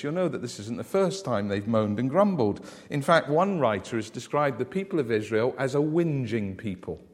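Man, preacher, sermon, fairly high voice, long church reverb, animated, questions the congregation.

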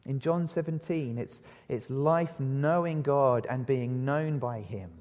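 Male preacher, fairly high voice, evening sermon, lots of rhetorical questions, long reverb. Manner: asks the congregation rhetorical questions; lively, varies pace and loudness for emphasis. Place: church. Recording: long reverb of a church hall.

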